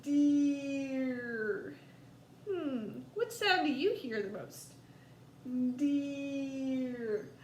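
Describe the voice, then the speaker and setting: A woman with a Southern US accent teaching a first grade lesson, slow and coaxing, stretching words out for young children. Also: high-pitched, very animated. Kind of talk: recorded distance-learning lesson for young children. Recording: echoey room, faint background noise.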